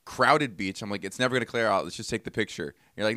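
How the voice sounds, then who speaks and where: This man has a fairly low voice and chats casually as a podcast co-host. He tells a long rambling story and acts out both sides of it. The sound is dry and close, with no room around it. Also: fast, pushed and bright, dry recording. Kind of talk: casual chat.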